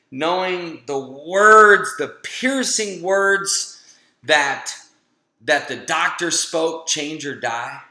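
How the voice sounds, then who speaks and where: Animated man telling a motivational story. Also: high-pitched. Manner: animated storyteller, acting out quoted voices. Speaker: webinar speaker. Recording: echoey room.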